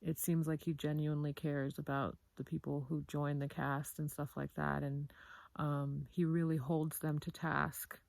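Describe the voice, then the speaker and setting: Woman, casual vlog commentary, candid and chatty, gravelly, dry close mic. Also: low voice, flat delivery, measured pace, a little mellow, no room sound. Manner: candid, chatty, frequent fillers, swearing. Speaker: vlogger.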